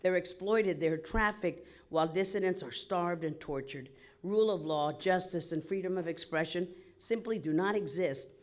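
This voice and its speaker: A woman in Congress giving a formal, prepared statement at a committee hearing, slightly out of breath, listing points in a measured, emphatic way. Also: on the low side. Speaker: member of Congress.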